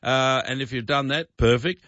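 A man with an Australian accent hosting a talkback gardening show, a little croaky, rambling with restarts and fillers. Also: mid-range voice, moderate pace, fairly bright tone, no echo, dull audio. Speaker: radio gardening show host. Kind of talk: talkback radio advice.

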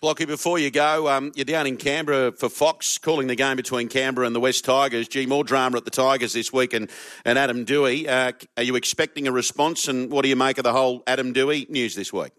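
Fast-talking radio host. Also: male voice, medium pitch, fairly even intonation, fairly bright tone, no echo, clean studio sound. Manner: upbeat, matey, chatty. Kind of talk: talk radio hosting.

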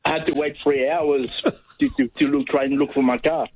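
A man's voice: on the high side, steady tone, brisk, creaky, a little mellow, slightly rough. A man from Mauritius, a native French speaker, calling a radio show, friendly and hesitant. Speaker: caller. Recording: dull phone line.

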